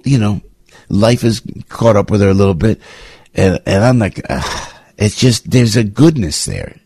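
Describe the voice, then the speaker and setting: An older man hosting a radio talk show, telling anecdotes in an emphatic, repetitive, rambling way with sudden swings in pitch. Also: gravelly, darkish tone, slightly rough, no echo, studio quality. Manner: emphatic, repetitive, restarts often. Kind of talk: rambling opinion monologue with anecdotes.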